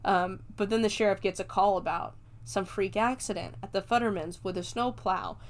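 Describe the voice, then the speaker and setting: A woman's voice: medium pitch, fairly even intonation, moderate pace. A woman hosting a podcast, retelling a film in casual, chatty talk, laughing often and swearing freely. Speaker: podcast host. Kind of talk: casual movie review chat.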